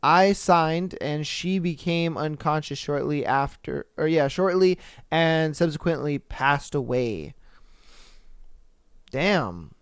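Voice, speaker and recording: A young man hosting a podcast, reading stories aloud and reacting with swearing and loud outbursts. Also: a little high, expressive, takes it slowly, clear, resonant tone, dry recording, clean studio sound. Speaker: podcast host.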